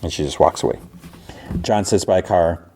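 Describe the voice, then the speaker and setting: A man hosting a podcast, casually recapping an episode in a loose, rapid way, quoting characters as he goes. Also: sits low, warm tone, a little hiss or hum. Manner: rapid retelling with "he's like" quotes, loose restarts. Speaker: podcast host.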